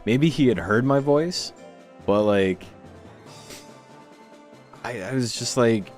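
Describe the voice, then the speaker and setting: A man from Toronto, Canada hosts a game tournament stream, chatting casually between matches in a slow, medium-pitched, darkish voice over soft background music. He drifts from one story to the next, swearing freely and laughing between anecdotes.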